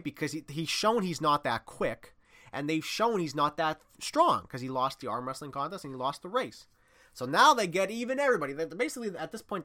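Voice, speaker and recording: A man hosting a casual monologue, rambling through a story and swinging from low muttering to loud excited bursts.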